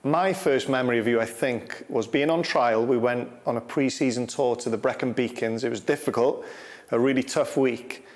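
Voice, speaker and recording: A man, a former footballer interviewing his old manager, asking friendly questions and telling relaxed, laughing anecdotes. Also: mid-range voice, normal speed, in a large hall. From North Wales.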